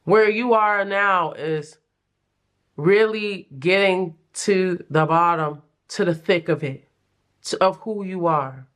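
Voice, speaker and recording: A young adult woman giving a casual pick-a-card tarot reading, chatty and animated, with playful slang and frequent laughs. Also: fairly low pitch, slow pace. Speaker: tarot reader.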